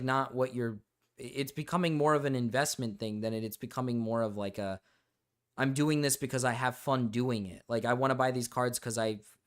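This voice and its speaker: A young man streaming, chatting casually and rambling, often restarting sentences and swearing freely. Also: mid-range voice.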